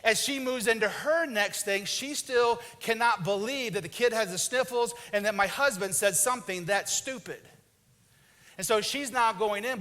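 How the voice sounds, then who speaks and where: A male pastor preaches with animated storytelling. He often drops into quieter, lower voices to act out a husband and wife. His voice sits high and sounds bright. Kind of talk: sermon with acted-out marriage stories.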